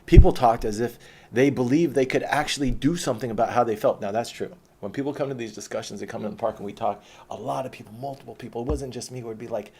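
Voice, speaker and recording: A man's voice: mid-range voice, fast, gravelly, breathy edge. Profane man telling his own story. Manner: profane, animated, drops to a hushed whisper. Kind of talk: autobiographical stage monologue.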